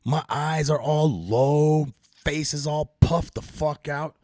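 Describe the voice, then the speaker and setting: A man's voice: fairly high pitch, slow pace, darkish tone, no room sound, studio quality. A middle-aged man hosting a casual live-stream podcast, joking around in loose, profane banter. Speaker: podcast host.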